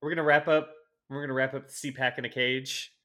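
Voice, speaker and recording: A man's voice: mid-range voice, little pitch movement, fairly quick, sharp tone. A man co-hosting a podcast, reading news items aloud with sarcastic, wry asides in a casual chat. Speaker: podcast co-host.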